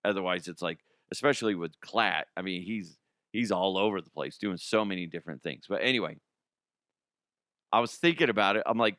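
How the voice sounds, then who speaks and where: A man's voice: sits low, brisk, fairly bright tone, dry recording, studio quality. A man hosting a comedic sports talk show, rambling and profane, slipping into mock impressions.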